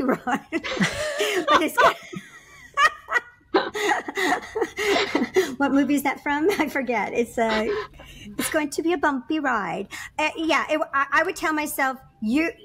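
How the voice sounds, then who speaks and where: Middle-aged lady telling stories on a podcast, kinda high voice, keeps laughing and doing everyone's voices. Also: brisk, a bit bright. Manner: laughs often, acts out voices in her stories. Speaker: guest. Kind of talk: animated storytelling on a podcast.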